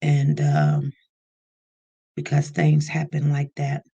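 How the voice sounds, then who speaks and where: A livestream host in casual chat, greeting viewers one by one by name in an easygoing, unhurried way and inviting them to call in. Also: medium pitch, big pitch swings, gravelly, warm tone, slightly rough, lo-fi sound.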